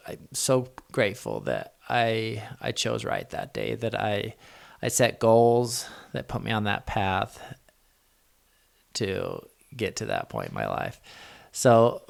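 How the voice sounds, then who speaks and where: Gravelly low-voiced man telling a story. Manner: earnest, rambling with restarts, gets emotional. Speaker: vlogger. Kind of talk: personal storytelling.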